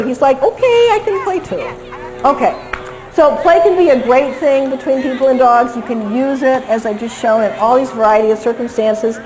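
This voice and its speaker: A woman lecturing on dog behavior over video clips, lively and acting out what the dogs seem to think. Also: on the high side, slight background noise, rough recording. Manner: lively, acts out dogs' thoughts in quotes.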